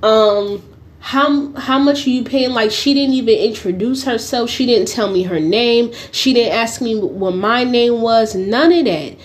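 Young woman podcast host, higher-pitched, unhurried delivery, blunt and profane, animated and laughing through her stories. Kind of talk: casual storytelling monologue.

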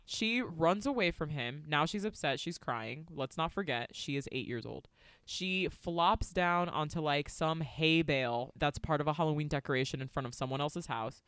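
A woman's voice: deep voice, animated, moderate pace, a bit bright, no echo, clean studio sound. A woman co-hosting a podcast, recapping a movie in a profane, sarcastic storytelling way. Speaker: podcast co-host.

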